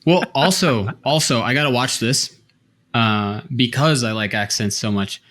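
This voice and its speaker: A man's voice: mid-range voice, a little slow, fairly bright tone. A man co-hosting a podcast, explaining his thoughts at length in casual chat. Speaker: podcast co-host.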